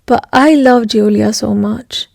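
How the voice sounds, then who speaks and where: Gravelly, emotional young woman vlogger. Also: fairly high pitch, slow pace, darkish tone, no room sound, studio quality. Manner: emotional, rambling, swears often, whispers at times. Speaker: book vlogger. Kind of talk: casual reading vlog chat.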